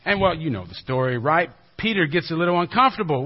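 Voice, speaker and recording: A man's voice: lively intonation, fast. Conversational male preacher, lo-fi sound. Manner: conversational, dropping to a hushed low voice for emphasis. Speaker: pastor. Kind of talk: sermon. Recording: dull lo-fi recording.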